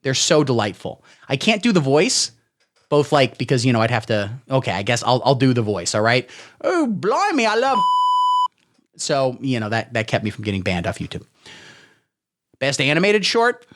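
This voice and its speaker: A young man hosting a satirical solo comedy show, talking in a crude, sarcastic, deadpan way. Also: medium pitch, normal speed. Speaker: podcast host.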